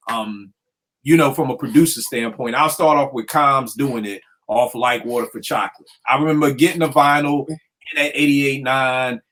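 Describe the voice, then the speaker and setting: A man hosting a casual talk about hip hop beats, a producer telling stories in lively slang. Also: medium pitch. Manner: animated storytelling with slang. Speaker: podcast host. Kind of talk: casual chat.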